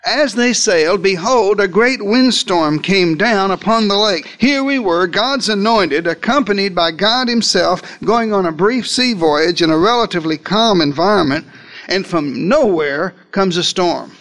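A man with a high-pitched voice delivers a sermon as a vivid first-person retelling. He is theatrical, and his pitch and pace swing widely. Dry humorous asides break up the drama. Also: a bit bright. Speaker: preacher.

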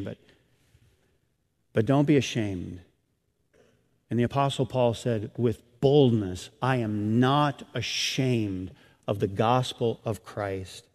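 Middle-aged guy preaching a sermon, gets loud and emphatic then drops soft, long hall echo. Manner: preaching with swings from loud emphatic peaks to soft low passages. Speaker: pastor.

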